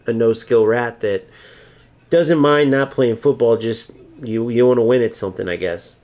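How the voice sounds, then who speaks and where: A man's voice: mid-range voice, normal speed, darkish tone. A young man, a gaming YouTuber, ranting in mocking, exasperated gameplay commentary.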